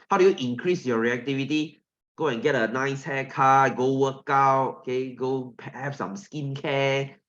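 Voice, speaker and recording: A man's voice: medium pitch, a bit bright, muffled recording. A man with a Singaporean accent teaching an online science lesson, playful and jokey, full of teasing analogies.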